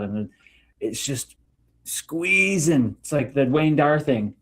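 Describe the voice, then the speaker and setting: A man's voice: fairly high pitch, animated, slow, a bit bright. A man hosting a podcast, musing on ego and inner work in casual, spiritual terms, with swearing. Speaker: podcast host. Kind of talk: casual conversation.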